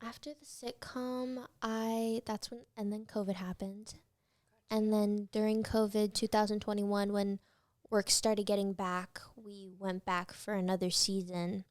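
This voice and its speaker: A teenage actress talks easily through an interview, rambling into anecdotes with plenty of "like" and "um". Her voice sits at a middle pitch, and the recording is dry and close with no room sound. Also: little pitch movement, a little slow, no room sound. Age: late teens. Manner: chatty storyteller, many fillers. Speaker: guest actress. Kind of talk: casual interview chat.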